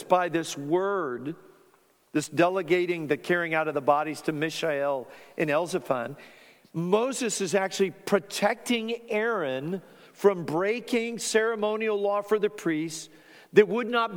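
Pastor preaching in a reverberant church. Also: male voice, high voice. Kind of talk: expository sermon.

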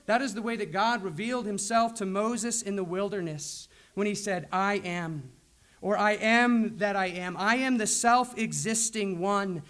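A man preaching a sermon as a pastor, slow and deliberate, with emphatic pauses. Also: sits high, fairly bright tone.

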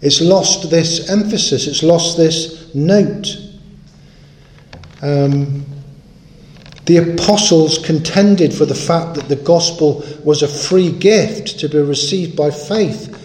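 A man's voice: on the high side, slow pace, a little mellow, roomy sound. A man preaching a sermon in an earnest, emphatic way, stressing and repeating his key points.

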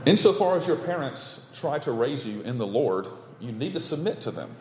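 A man's voice: mid-range voice, sing-song, moderate pace, darkish tone, a little hiss or hum. Man, preacher, sermon, emphatic, repetitive cadence, roomy hall, long reverb.

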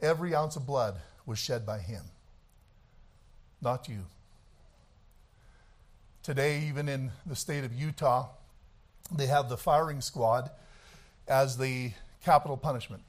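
Preaching a sermon, a man swings between shouted, fiery passages and quieter, conversational talk. His voice sits in the mid-range, and he keeps a measured pace with frequent pauses.

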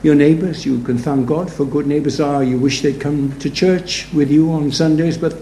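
A man's voice: fairly high pitch, steady tone, moderate pace, warm tone. A man preaching a sermon in a conversational, storytelling way, full of rhetorical asides. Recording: roomy echo, faint background noise.

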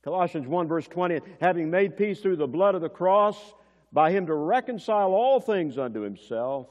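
A male preacher delivering a sermon, swinging between loud emphasis and hushed moments, and asking the congregation questions like a teacher. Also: high-pitched, animated, normal speed. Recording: dull sound, long church reverb.

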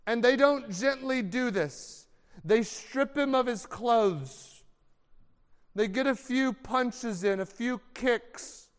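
A man's voice: extremely high pitch, slow, clear, resonant tone. A man preaching a dramatic sermon, telling the story vividly and acting out the characters' voices. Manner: acts out scenes with voices for the characters. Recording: long hall reverb.

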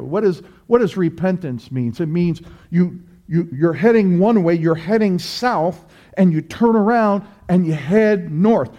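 Male pastor, emphatic sermon delivery full of rhetorical questions, high voice, slow measured pace. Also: a little mellow. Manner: emphatic preaching with repeated phrases and rhetorical questions.

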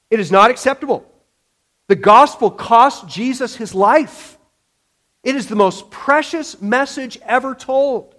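Emphatic high-voiced male preacher. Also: fairly bright tone. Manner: emphatic, with frequent restarts and acted-out quotes. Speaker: pastor. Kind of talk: sermon.

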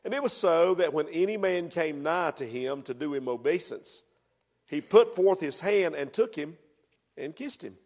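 High-voiced preacher man in echoing hall. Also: lively intonation, moderate pace. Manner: preaching with rising fervor, builds to loud emphatic passages. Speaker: pastor. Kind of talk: sermon. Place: church sanctuary. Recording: long echoing reverb of a church hall.

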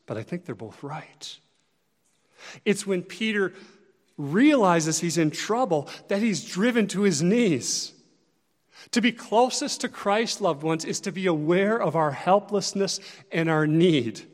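Preaching a sermon in a high male voice, this pastor is earnest and direct in a conversational way, with lively intonation and a slightly slow pace. A big hall's long reverb follows every phrase as his loudness swells and dips for emphasis.

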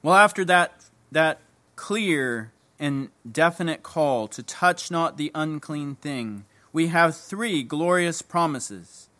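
Bright, emphatic male preacher. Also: expressive, slow. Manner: emphatic, repeats key phrases, drops low at line ends. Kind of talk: sermon.

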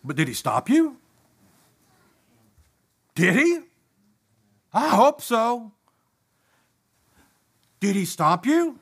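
Man, preacher, high voice, impassioned sermon, emphatic rises and low drops. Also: wildly swooping pitch, very slow, pauses often, a bit bright, breathy edge. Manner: impassioned, rising to emphatic peaks and dropping low.

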